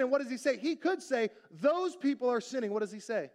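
A man's voice: very high voice, expressive, brisk, hardly any pauses. A male pastor preaching a sermon in a conversational way, asking the congregation questions and acting out quotes.

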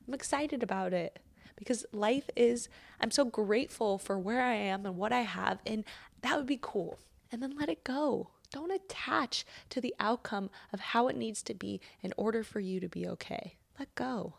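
Gravelly-voiced woman with a chatty motivational manner. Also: on the high side. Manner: chatty, says "like" often, drops to soft near-whisper in guided parts. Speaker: host. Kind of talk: motivational talk with guided breathing.

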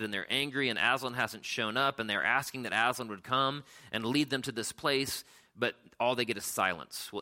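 Casual, forceful man preaching. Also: medium pitch. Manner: casual, halting, with frequent fillers. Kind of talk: sermon with storybook reading.

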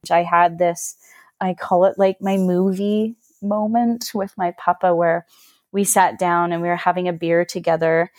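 A woman's voice: lowish voice, a little mellow, no echo, clean studio sound. A woman on a podcast, earnestly telling a personal story in a reflective, emotional way. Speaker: podcast guest.

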